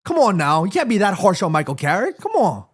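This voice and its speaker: A man streaming a football watchalong, calling the play live and chatting to his viewers in an excitable, slangy way. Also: sits high, brisk. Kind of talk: live play-by-play commentary and chat.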